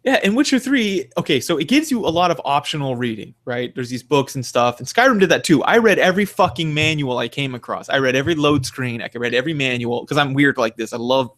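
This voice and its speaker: A young man in casual podcast chat, ranting with animated energy and plenty of swearing. His voice sits at an ordinary middle pitch, and he slips into quick mock voices to make a point. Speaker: podcast co-host.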